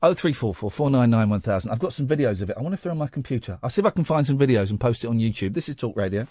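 A man hosting a late-night radio phone-in, telling a story in an animated way and acting out the voices he quotes. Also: mid-range voice, very fast, background noise. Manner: animated, acts out quoted voices, rising to shouts. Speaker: radio host.

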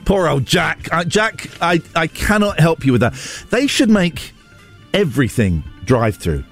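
A man's voice: a little high, very animated, a little slow, a bit bright, faint music behind. A man in his late forties hosting a breakfast radio show, bantering in a loose, self-mocking way with lots of restarts. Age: 40s.

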